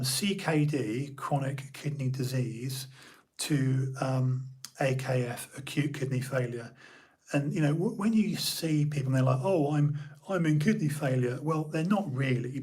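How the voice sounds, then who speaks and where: A man's voice: medium pitch, darkish tone, breathy edge. A man talking as a podcast guest, telling a personal story earnestly and casually, often repeating himself and calling the host "brother".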